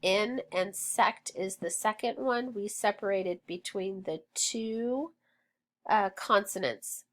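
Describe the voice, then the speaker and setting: A woman teaching a phonics lesson, sounding out words slowly and encouraging her students. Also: medium pitch. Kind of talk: slow, deliberate phonics drill.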